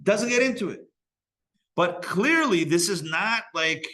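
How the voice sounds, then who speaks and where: A man's voice: high voice, very animated, normal speed, a bit bright. A man teaching a live Torah class as a rabbi, casual and joking with frequent digressions. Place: synagogue learning center.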